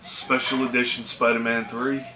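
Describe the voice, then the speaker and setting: A man's voice: medium pitch, level tone, normal speed, noisy background. A man casually telling yard-sale stories in a laid-back, rambling way. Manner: laid-back, lots of "you know" and "man". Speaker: video game collecting vlogger. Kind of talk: casual storytelling. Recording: echoey room with faint music.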